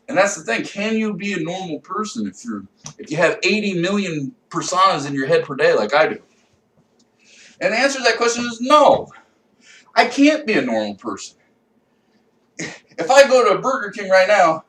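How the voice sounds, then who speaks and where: A man doing a rambling, profane comedy rant, bursting into loud shouting. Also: on the high side, big pitch swings, normal speed. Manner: swings into loud shouted outbursts; profane, rambling, self-mocking. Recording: echoey room, voice a bit far from mic, faint noise.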